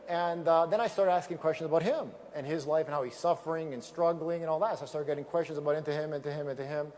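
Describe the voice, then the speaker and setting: A man giving an energetic motivational speech at a sales event, emphatic and repetitive, telling stories from a stage microphone. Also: on the high side, rapid-fire, few pauses, a little hiss or hum.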